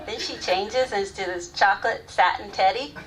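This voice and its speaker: An actress performing a live stage monologue as a grown woman candidly recalling her first love, sometimes soft, sometimes loud. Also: mid-range voice, normal speed, over a noisy crowd, lightly acted. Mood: frank recalling. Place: theater stage, live audience. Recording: distant stage mic, faint room noise.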